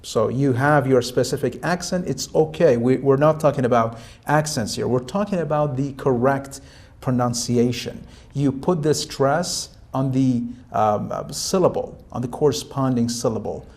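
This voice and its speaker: A man giving spoken feedback to a student as a speaking examiner, calm and instructive, with many fillers and restarts. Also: mid-range voice, normal speed.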